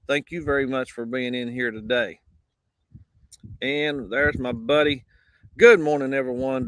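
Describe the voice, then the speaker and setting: A man's voice: medium pitch, fairly bright tone, no echo, clean studio sound. A man hosting a casual live morning show outdoors, easygoing and drawling his greetings to viewers. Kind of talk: casual live-stream chat. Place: outdoors on a windy day. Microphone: basic mic, no wind cancelling.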